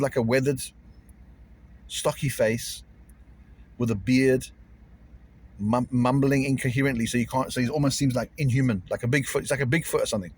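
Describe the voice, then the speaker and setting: A man's voice: mid-range voice, a little mellow. A man vlogging casually to camera, rambling and repeating himself in an uneasy way.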